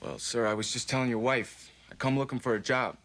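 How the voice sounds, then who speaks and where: Actor as a polite young drifter. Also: male voice, mid-range voice, fairly even intonation, a little fast, a bit bright, close to an everyday voice. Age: young adult. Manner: courteous, says ma'am and sir, folksy phrasing. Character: polite young male drifter seeking logging work. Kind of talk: TV drama acting.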